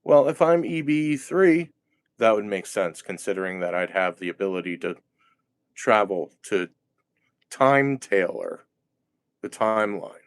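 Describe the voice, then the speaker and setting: A man delivers a rambling monologue in a slow, drawn-out way, agitated and often cursing. He keeps breaking off and restarting his sentences. The sound is close and dry with no room echo. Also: on the low side, animated. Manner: agitated, profane, halting with restarts. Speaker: vlogger.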